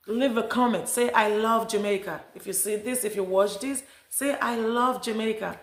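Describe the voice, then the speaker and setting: A woman's voice: a little high, a little fast, few pauses, fairly bright tone. A woman from Nigeria chatting casually to her viewers in a vlog, addressing them directly. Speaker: vlogger. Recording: echoey room.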